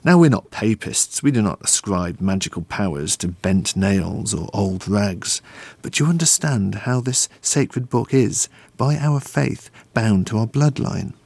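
A man's voice: lowish voice, animated, a little slow, gravelly, darkish tone, breathy edge, no echo, heavily acted. A man reading aloud and voicing a stern, pious older uncle who solemnly exhorts his nephew. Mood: solemn exhortation.

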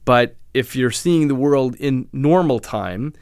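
A man, a neuroscientist guest in an interview, explaining his research in a measured way with frequent restarts. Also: mid-range voice, a little mellow, clear, resonant tone, no echo, studio quality. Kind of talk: interview answers.

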